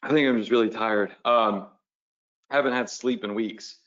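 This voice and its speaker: A man's voice: lowish voice, steady tone, moderate pace, a bit bright, lo-fi sound. A man hosting a live webinar as an online business coach, talking in a casual, pushy, motivational way and often checking in with the audience.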